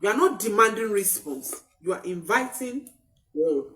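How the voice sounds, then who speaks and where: A woman's voice: medium pitch, expressive, normal speed, a bit bright. A woman parenting coach giving an emphatic motivational talk, often repeating key phrases for stress.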